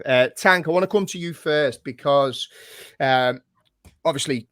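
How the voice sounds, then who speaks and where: A man's voice: a little high, a little slow, a bit bright. A man hosting a podcast, teasing his co-hosts and steering the chat toward questions. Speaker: podcast host. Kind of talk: casual chat.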